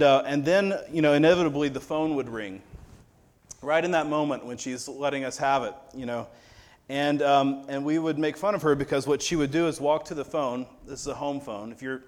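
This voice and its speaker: A man preaching a sermon in a conversational, wry storytelling manner. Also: mid-range voice. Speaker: pastor.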